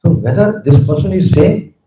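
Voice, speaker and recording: An animated preacher tells a sacred story, his voice slightly higher than most men's. Every word rings through an echoey temple hall. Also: normal speed. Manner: animated, shifts between raised and hushed tones. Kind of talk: sermon storytelling.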